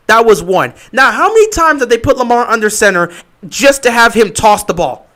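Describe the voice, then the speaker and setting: A man's voice: high voice, moderate pace. Fired-up man doing live game commentary. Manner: animated, repeats points insistently, swings from excited to flat and deflated. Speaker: fan livestream host.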